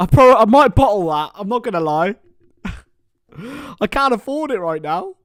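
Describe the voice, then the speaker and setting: A young man hosting a casual live stream, chatting with viewers by name and bursting into excited shouts. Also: sits high, normal speed, smooth, no echo, clean studio sound. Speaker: livestream host.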